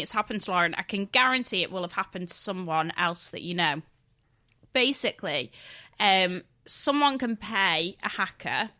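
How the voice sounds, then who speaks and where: A woman's voice: mid-range voice, bright, forceful tone. A young woman co-hosting a podcast, chatting and explaining things straight to her listeners. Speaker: podcast co-host. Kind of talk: casual chat.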